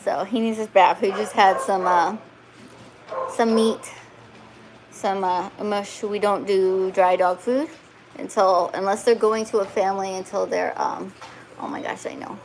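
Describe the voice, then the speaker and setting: A middle-aged woman talks casually at home while handling a husky puppy, laughing and fussing over it. Her pitch sits in a plain middle range, with faint background noise and dogs nearby. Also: little pitch movement, unhurried. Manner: giggly, fussing and cooing at the puppy. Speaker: husky breeder. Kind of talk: casual vlog chat while handling puppies. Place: home, indoors by a couch.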